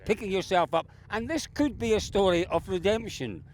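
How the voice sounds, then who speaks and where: A man's voice: high voice, lively intonation, normal speed, a little hiss or hum. A man hosting roving interviews outdoors, jovial, effusive and teasing. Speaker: host, interviewer. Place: outdoors at a rainy rally stage.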